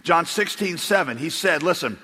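A man's voice: fairly high pitch, lively intonation, moderate pace, bright, forceful tone, breathy edge. Man, pastor, sermon, chuckling storyteller, lingering echo of a big church hall. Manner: rambling storyteller, chuckles and restarts. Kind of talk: sermon with humorous stories. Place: church auditorium. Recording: long reverb of a large hall.

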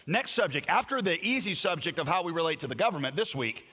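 A man's voice: a little high, sing-song, fast talker, bright, forceful tone, slightly rough. A man preaching a sermon as pastor, joking and conversational, then lifting his voice for the scripture he reads. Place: church sanctuary. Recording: long hall reverb from a church.

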